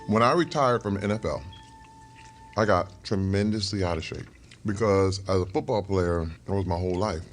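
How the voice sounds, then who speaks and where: A man's voice: deep voice, moderate pace, soft background music. A middle-aged man, a guest in a casual interview, telling stories and acting out the people in them. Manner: animated storyteller who acts out quoted people.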